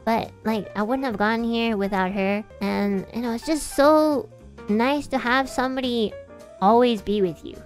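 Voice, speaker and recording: A woman's voice: fairly high pitch, moderate pace, a bit bright, soft background music. A woman livestreamer in casual chat, rambling with lots of "like" and swearing freely, emotional and sometimes cracking.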